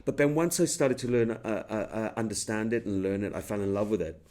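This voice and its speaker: A man's voice: fairly low pitch, animated, quick pace, a little mellow. A middle-aged man with a Welsh accent, an actor telling stories in a casual interview, rambling with many restarts. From Wales.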